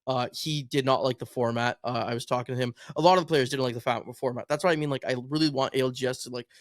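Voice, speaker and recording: A man's voice: medium pitch, fairly even intonation, quick pace, no echo, studio quality. A man co-hosting a podcast, chatting casually about esports and rambling through stories. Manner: rambling storytelling. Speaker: podcast co-host and content creator.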